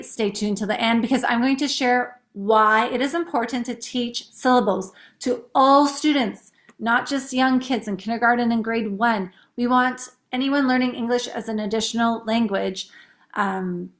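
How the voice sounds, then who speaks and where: A woman teacher chatting casually and upbeat, explaining how she teaches young kids to count syllables. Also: fairly high pitch. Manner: chatty, upbeat, demonstrates words slowly in syllables.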